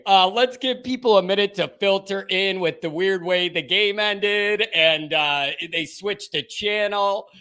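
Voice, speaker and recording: A man hosting a live call-in sports show, talking loosely and excitedly, thinking aloud between restarts. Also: high voice. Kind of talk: casual live post-game talk.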